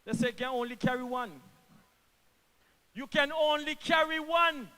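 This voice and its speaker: High-voiced Antiguan man at a rally. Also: a little slow, big-room sound. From Antigua and Barbuda. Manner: impassioned, repeats lines for emphasis, swings from hushed to shouting. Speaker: government minister. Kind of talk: political rally speech.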